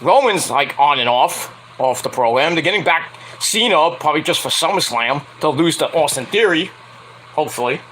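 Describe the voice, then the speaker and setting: A man's voice: fairly high pitch, expressive, moderate pace, bright, forceful tone, slight background noise, rough recording. A young man reviewing a wrestling show in a rambling, casual way, laughing often and breaking into squealing impressions. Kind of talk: casual solo review vlog.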